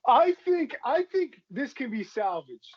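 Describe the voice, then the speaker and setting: A man's voice: very high-pitched, big pitch swings, unhurried, slightly rough, no echo, lo-fi sound. A man co-hosting a podcast in a casual, laid-back chat, swearing freely as he tells a story. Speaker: podcast co-host.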